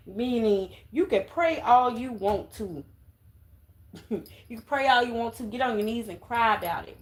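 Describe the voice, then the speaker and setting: Woman tarot reader, emphatic coaching delivery, mid-range voice. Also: medium pitch. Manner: emphatic, coaxing, with repeated "okay?" asides. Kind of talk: casual tarot reading to viewers.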